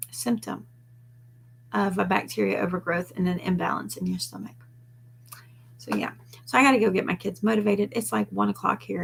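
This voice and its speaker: A woman's voice: medium pitch, creaky, a bit bright. A woman, chatting casually and rambling on a live stream. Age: 40s. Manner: rambling and chatty, trailing off mid-thought. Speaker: vlogger hosting a live stream.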